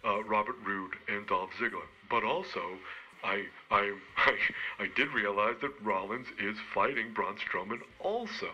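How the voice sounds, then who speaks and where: Rambling, halting man with a sharp voice. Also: fairly low pitch, muffled recording, slight background noise. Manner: rambling, halting, self-mocking. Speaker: podcast co-host giving wrestling picks. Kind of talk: comedic rambling monologue.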